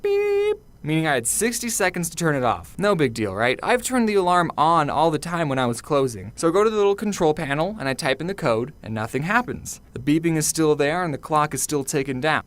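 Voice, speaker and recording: A young man from Arizona narrating a comic story about his old job, with deadpan asides. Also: fairly high pitch, brisk, hardly any pauses. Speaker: animated storyteller. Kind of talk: comedic scripted narration.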